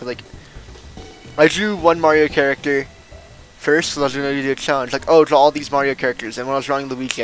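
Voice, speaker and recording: A man's voice: medium pitch, a bit bright, rough recording. A young man streaming a game, rambling casually and self-deprecating, getting worked up when he rants. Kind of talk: casual gameplay stream chatter.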